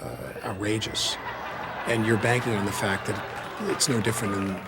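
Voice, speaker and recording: A man's voice: lowish voice, fairly even intonation, a little fast. Emphatic man over room noise. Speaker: comedy cast member.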